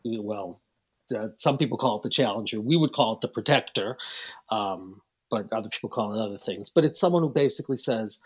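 A man, a psychologist and author guesting on a podcast, telling a story in a rambling, animated way and acting out the quotes. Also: on the low side, brisk, husky. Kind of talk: storytelling in a casual interview.

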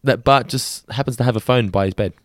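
A man's voice: medium pitch, dry recording, studio quality. An Australian man co-hosting a podcast, chatting casually and laughing often. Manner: laughing, animated, quick. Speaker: podcast co-host. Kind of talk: casual chat.

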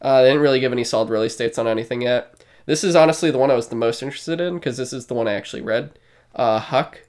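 Just a regular dude rambling on his podcast, lots of ums and cussing, normal pitch. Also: fast, a little mellow. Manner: rambling, loose and profane, full of fillers. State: short of breath. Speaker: podcast co-host. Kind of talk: casual chat.

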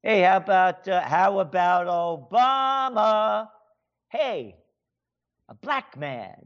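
A man's voice: high-pitched, lively intonation, slow, fairly bright tone, lo-fi sound. An American man and author ranting sarcastically in a monologue, firing off rhetorical questions in a heated tone. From United States.

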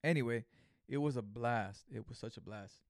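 A man in his thirties from California rambles through a personal story in relaxed, slang-heavy talk. His voice sits at an ordinary middle pitch and he peppers his sentences with "you know" and "right?". The recording is dry and close, with no room sound. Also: normal speed, gravelly, no room sound. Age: 30s. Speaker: vlogger. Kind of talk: casual storytelling monologue.

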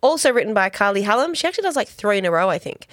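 A woman's voice: mid-range voice, sing-song, very fast, fairly bright tone, no room sound, clean studio sound. Giggly woman podcast co-host. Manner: giggly, chatty, reads out quotes. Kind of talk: casual chat reviewing a TV show.

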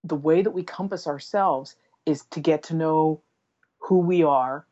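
A woman guest, an aromatherapist, speaking gently and earnestly in casual conversation. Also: low voice, unhurried, lo-fi sound.

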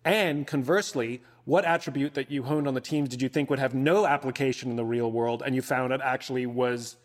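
A man co-hosting a podcast who asks his question slowly and deliberately. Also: mid-range voice, steady tone. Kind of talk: asking an interview question.

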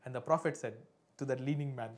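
Man preaching with loud bursts and hushed asides. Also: mid-range voice, fast. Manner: emphatic preaching with sudden loud peaks and hushed drops; asks the congregation for responses. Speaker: pastor. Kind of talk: sermon.

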